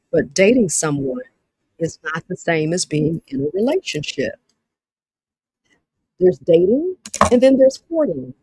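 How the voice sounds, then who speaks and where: A woman's voice: deep voice, darkish tone, husky, no echo, rough recording. A woman with a Southern US accent hosting a live-streamed dating talk, reading viewer comments aloud and talking to them directly with lots of repetition. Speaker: livestream host.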